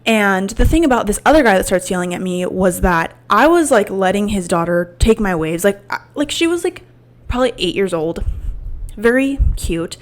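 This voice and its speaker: A woman's voice: mid-range voice, expressive, moderate pace. A woman in her twenties hosting a podcast, telling a personal story in a casual, candid way, full of "like" and swearing. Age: 20s. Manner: rambling, filler-heavy with frequent "like" and swearing; emotional and candid. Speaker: podcast host.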